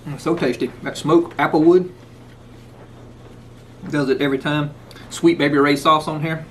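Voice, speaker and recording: Man, folksy cooking vlogger, fairly high voice, faint background noise. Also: a little slow, pauses often. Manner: folksy, talks with food in his mouth. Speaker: cooking channel host. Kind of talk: casual cooking vlog. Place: outdoors in the rain, then indoors.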